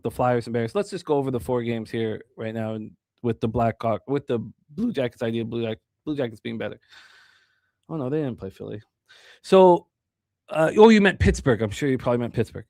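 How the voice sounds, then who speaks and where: A man's voice: mid-range voice, darkish tone, no room sound, clean studio sound. A man hosting a sports betting show, talking casually with rambling self-corrections and upbeat introductions.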